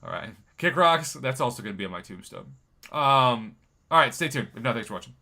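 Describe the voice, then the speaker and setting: Brief: male game streamer, middle pitch, bright tone, jokey and chatty live-stream banter. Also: animated, fairly quick. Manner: jokey, chatty, reads viewer comments aloud. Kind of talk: casual live-stream chat.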